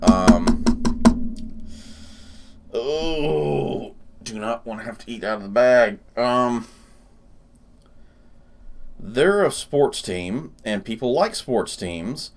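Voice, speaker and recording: Casual male gaming host, animated pitch, chatty and quick to laugh. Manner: chatty, laughs often, thinks aloud. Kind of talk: casual gameplay commentary.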